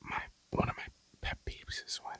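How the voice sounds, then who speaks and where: A young adult of about twenty talking in a breathy whisper through a mukbang ASMR video, casual and blunt, swearing and rambling between bites. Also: normal speed, sharp tone, rough recording. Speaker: mukbang vlogger.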